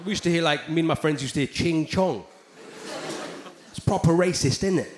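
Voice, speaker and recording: This English stand-up, speaking with a London accent at a fairly high pitch and normal speed, swears freely and acts out hecklers in raised voices with lots of animation. Background noise, echo, and crowd laughter fill the large live venue.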